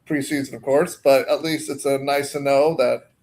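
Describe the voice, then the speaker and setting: Gravelly man co-hosting a live stream. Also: medium pitch, fairly even intonation, a little mellow. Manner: halting, full of "uh" and restarts. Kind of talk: casual live-stream chat.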